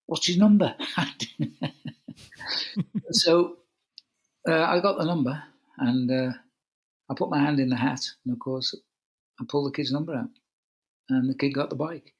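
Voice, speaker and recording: An older man with a husky, slightly breathy voice tells a story at an easy, chatty pace. He acts out the lines he quotes, speaking into a video call. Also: mid-range voice, steady tone, unhurried, pauses often, low-quality recording. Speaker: guest, cycling commentator. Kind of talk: relaxed anecdotal storytelling.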